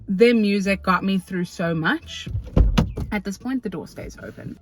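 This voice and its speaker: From a parked car, a young South African woman vlogs to camera, telling a story in an excitable, chatty way. Her voice sits at medium pitch, and she uses plenty of slang and fillers.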